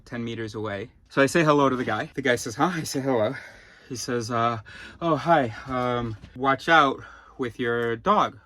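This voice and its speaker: A man's voice: medium pitch, a bit bright. A man thinking aloud in a rambling personal vlog, often restarting his sentences and wandering into asides. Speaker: vlogger.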